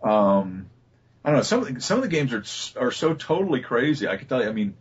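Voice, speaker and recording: Man, husky low voice, rambling anecdotes, lo-fi interview audio. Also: a little fast. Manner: relaxed anecdotal storytelling with many fillers. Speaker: voice actor guest. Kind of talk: casual interview talk. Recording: dull lo-fi recording.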